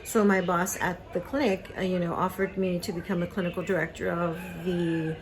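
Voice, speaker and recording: A woman's voice: on the low side, little pitch movement, moderate pace, rough recording. A woman in her thirties telling a painful personal story in a vlog, hesitant, with many fillers and restarts, and choked up at times. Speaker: craft vlogger. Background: cartoon on TV in the background.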